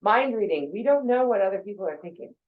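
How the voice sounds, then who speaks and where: A woman's voice: mid-range voice, lively intonation, fast, phone-quality sound. A woman in her forties giving a casual, conversational talk about thinking habits, with fillers and quoted asides. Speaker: speaker on mental health.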